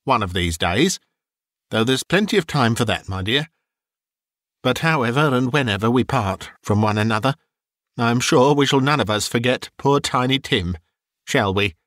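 A man voicing a kindly grieving father in an audiobook, with a tender, earnest tone pitched a bit above his own reading voice. The sound is close and dry. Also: lively intonation, normal speed, a bit bright, dry recording, lightly acted. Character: kindly grieving father, gentle and warm-hearted.

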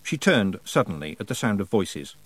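A man narrating a story in an expressive storytelling manner. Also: fairly low pitch, moderate pace, dry recording, rough recording. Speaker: audiobook narrator. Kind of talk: scripted narration.

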